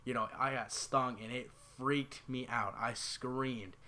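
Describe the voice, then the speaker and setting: A young man with a bright, forward voice tells a personal story to his viewers. He rambles through it casually, with plenty of "like" and "you know" as he goes. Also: mid-range voice, slow. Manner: rambling, filler-heavy, animated retelling. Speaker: YouTuber.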